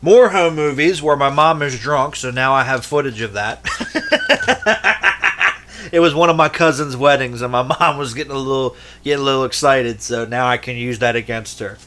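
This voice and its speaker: A man's voice: medium pitch, moderate pace, fairly bright tone, slight background noise. A man casually showing off his tape collection, rambling and swearing freely between jokes. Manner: rambling, profane and jokey. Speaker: VHS collector vlogger. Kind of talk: casual show-and-tell.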